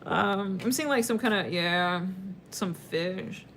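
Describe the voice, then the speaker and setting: A woman's voice: mid-range voice, slow pace, fairly bright tone, a little hiss or hum. A woman doing a casual tarot reading for her viewers. She talks in a chatty, rambling way, with lots of fillers and sudden laughs. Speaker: tarot reader.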